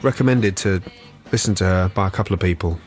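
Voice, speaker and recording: A man's voice: sits low, quick pace, darkish tone, faint music behind. A man in his forties guest-hosting a radio show, joking and self-mocking in casual chat. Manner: jokey, self-mocking, tries silly accents. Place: radio studio. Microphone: studio microphone.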